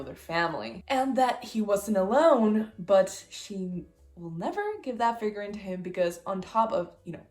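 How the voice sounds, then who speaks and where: A young woman book vlogger talking casually about a novel, chatty and excitable. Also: fairly low pitch. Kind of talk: casual chat. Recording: roomy echo.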